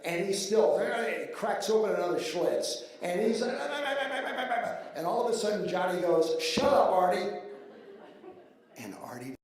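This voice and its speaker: An older man from Baltimore emcees an awards dinner, telling stories and getting loud as he cheers on the guests. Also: high voice, big pitch swings, a little slow, hardly any pauses. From Baltimore, USA. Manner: storytelling, rising to loud cheering. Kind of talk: banquet emcee remarks. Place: large banquet hall. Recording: echoey banquet hall.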